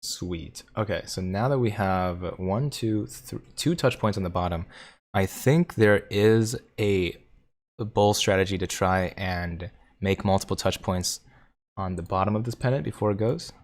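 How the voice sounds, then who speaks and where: A man's voice: low-pitched, unhurried. A man hosting a casual stock market livestream, reading viewer chat aloud and answering questions in a jokey, chatty way.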